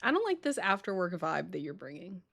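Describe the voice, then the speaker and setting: A woman's voice: on the low side, sing-song, brisk, vocal fry, a bit bright. A woman co-hosting a live stream in casual chat, talkative, laughing often and mock-stern with her co-host.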